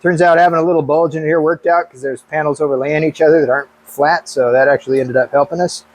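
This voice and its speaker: Laid-back shop guy walking thru a truck build, voice a bit high, thinks out loud as he works. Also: fast. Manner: relaxed and hands-on, thinking aloud while working. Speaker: car builder and channel host. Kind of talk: casual shop talk explaining a build.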